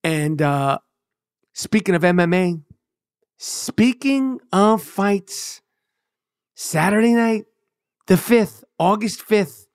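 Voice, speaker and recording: Middle-aged New man, podcast host, slow profane rant, emphatic and repetitive. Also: high-pitched. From New York.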